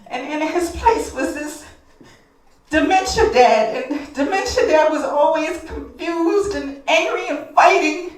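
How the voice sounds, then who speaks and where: A woman telling a heartfelt personal story on a live stage, speaking directly to the audience. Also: high-pitched. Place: stage in a hall. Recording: echoey hall, distant mic.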